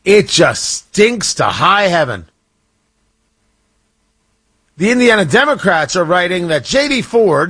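A man's voice: high voice, husky. A man hosting a talk radio show, giving opinionated commentary with sarcastic asides. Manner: sarcastic, animated, rambling asides. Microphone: studio microphone.

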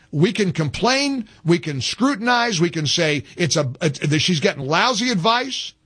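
A man's voice: high-pitched, fairly bright tone. A man hosting a talk radio show, delivering a fired-up political rant that is emphatic and repetitive. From American South. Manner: emphatic, repetitive, restarts mid-sentence.

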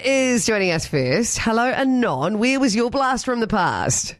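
A woman with a New Zealand accent co-hosting breakfast radio, bubbly and quick to laugh. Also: on the high side, big pitch swings, no room sound. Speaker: radio co-host.

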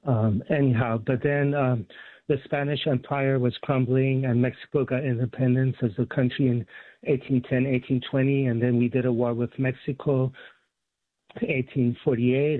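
A man from the San Francisco Bay Area calling in to a radio talk show, rambling about history with many pauses and fillers. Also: mid-range voice, no room sound. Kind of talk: phone call to a talk show. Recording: tinny phone line.

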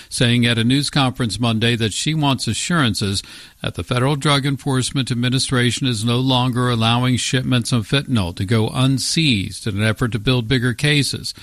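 A man reading a radio news bulletin in a steady, formal way. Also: mid-range voice, no echo. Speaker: newsreader. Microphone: studio mic.

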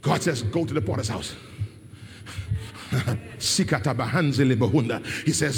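A man preaching live to a congregation, shouting and calling for responses between laughing asides. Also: mid-range voice, drawn-out words, gravelly, pauses often, long reverb tail. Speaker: pastor. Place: church.

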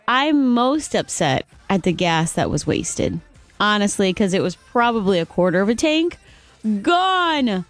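A woman hosting a morning radio show, telling a story in an exasperated, animated way. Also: mid-range voice, normal speed, no room sound, soft background music.

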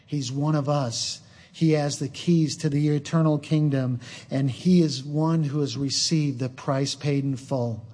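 A man's voice: fairly high pitch, fairly even intonation, measured pace, darkish tone. A male preacher delivering an earnest sermon, mixing scripture with personal stories.

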